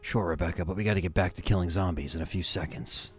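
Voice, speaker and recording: A man's voice: low-pitched, fairly even intonation, fast, a bit bright, faint music behind. A man rambling casually to his chat while playing a game, tired and yawning. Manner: rambling, laid-back, talks to chat. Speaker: gaming streamer. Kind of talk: casual gameplay commentary to chat.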